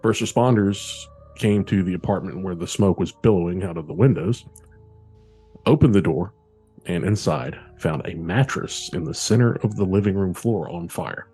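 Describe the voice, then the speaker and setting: A man co-hosting a podcast, telling a true-crime case in a relaxed, casual way with frequent fillers. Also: low voice, normal speed, husky, soft background music. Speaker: podcast co-host.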